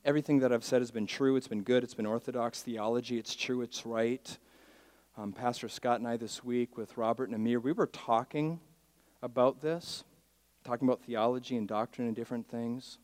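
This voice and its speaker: At a normal speed and in a mid-range voice, a male pastor from Miami, Florida leads his congregation in call-and-response during a sermon recorded without echo. His delivery shifts from quiet asides to loud, emphatic statements.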